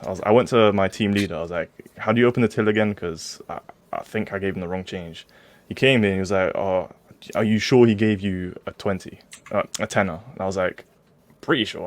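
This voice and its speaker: A man's voice: on the low side, dry recording. A young man telling a story on a group video call, laid-back and laughing, using street slang. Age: young adult. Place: hot room with windows open.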